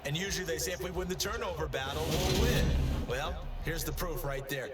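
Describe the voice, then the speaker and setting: A man's voice: on the high side, brisk, lightly acted. A man voicing a coach-like football analyst. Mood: explaining. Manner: explanatory, coach-like. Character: folksy male football analyst. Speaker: color commentator. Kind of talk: game color commentary. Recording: game audio over loud music.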